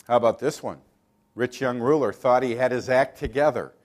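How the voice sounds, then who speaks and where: A man's voice: mid-range voice, brisk. A man preaching a sermon, emphatic, asking the congregation rhetorical questions and mocking attitudes in quoted voices.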